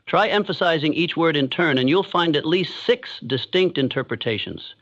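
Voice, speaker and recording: Guy reading a motivational script, slightly high voice, slow deliberate pauses, kinda muffled lo-fi sound. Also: animated, a bit bright. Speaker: motivational narrator. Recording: dull lo-fi sound.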